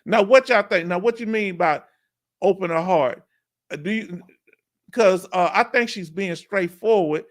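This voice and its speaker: Hosting a relaxed live-stream chat, this man speaks in a high voice. He sounds animated, drags out words to stress them, and keeps asking viewers things.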